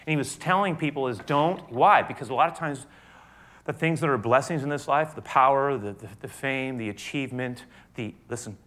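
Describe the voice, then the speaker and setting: A man's voice: mid-range voice, fairly quick. Emphatic male preacher. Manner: emphatic, swings from loud to soft and hushed; repeats and restarts words. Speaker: pastor. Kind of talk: sermon.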